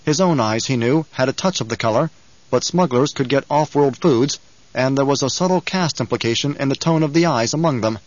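A man reads a novel aloud at an even, unhurried pace with a mid-pitched voice. The studio sound is dry, close and slightly dull. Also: no room sound. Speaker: audiobook narrator. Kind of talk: scripted narration.

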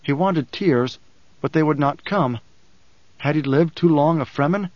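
A man narrating an audiobook in a measured, solemn reading. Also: on the high side, no room sound, muffled recording. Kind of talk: scripted narration.

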